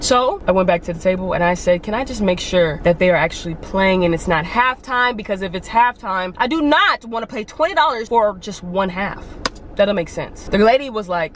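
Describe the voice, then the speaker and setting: Animated young woman venting to camera. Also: medium pitch, fairly quick, slight background noise. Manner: animated, dramatic storytelling with gasps and acted-out quotes; playful and goofy, talking straight to viewers. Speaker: vlogger. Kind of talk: casual venting vlog.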